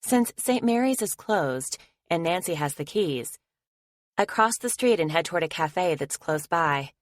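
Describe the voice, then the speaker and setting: A woman narrates a first-person romance audiobook with tense, intimate storytelling. Her voice sits low in her range. It is recorded close on a studio mic with a dry sound. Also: expressive, unhurried, dry recording.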